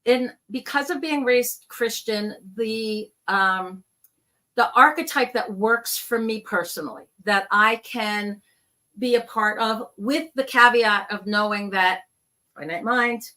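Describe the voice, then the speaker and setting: A woman speaks in a bright, forceful voice as she tells her stories. She acts out the people in them as she goes, in a casual, chatty way. She sounds like a guest on a video call. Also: fairly high pitch, slow pace. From New York. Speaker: guest, psychic medium. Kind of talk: casual storytelling interview.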